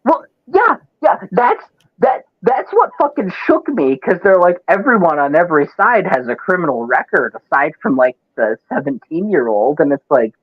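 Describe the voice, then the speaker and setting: A man with a Wisconsin accent rants in casual talk, swearing freely and swinging his voice up and down. His pitch sits a little high for a man. The audio is dull and lo-fi, like a stream. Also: big pitch swings, normal speed, breathy edge. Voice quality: profane, ranting, emphatic. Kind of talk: casual chat.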